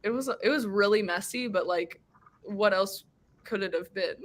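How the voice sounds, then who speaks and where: A woman's voice: mid-range voice, normal speed. A young woman hosting a casual chat with friends, telling stories in a rambling way with lots of fillers and laughter. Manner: giggly, rambling storyteller with many fillers. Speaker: streamer hosting a reading sprint.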